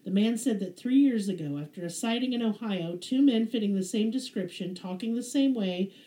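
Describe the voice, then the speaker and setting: Woman, southern twang, sarcastic storyteller, swears a lot, mellow tone, roomy echo. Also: mid-range voice, fairly quick. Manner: sarcastic, profane, animated storyteller. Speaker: podcast host. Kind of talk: casual storytelling chat.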